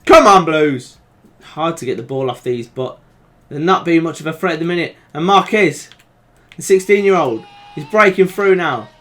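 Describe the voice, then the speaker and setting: A young man with a Birmingham accent commentating over a football video game, chatting calmly and then shouting with excitement at big moments. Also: on the high side, moderate pace. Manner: excitable, swings from calm chat to shouting at goals. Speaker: gaming YouTuber.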